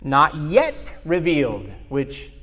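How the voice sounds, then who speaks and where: A man's voice: on the high side, huge pitch swings, slow pace, a bit bright, big-room sound. A man preaching a sermon as pastor, earnest and explanatory, asking the congregation questions.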